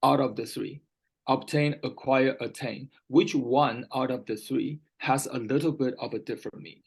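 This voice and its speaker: A man's voice: mid-range voice, normal speed, breathy edge, rough recording. A man tutoring English one-on-one, patiently repeating key words and often checking whether his student understands. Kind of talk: one-on-one vocabulary lesson.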